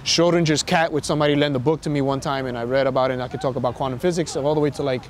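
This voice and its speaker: A man's voice: medium pitch, steady tone, rapid-fire, a little hiss or hum. A man with a Brooklyn accent in a casual interview, animatedly acting out quoted exchanges.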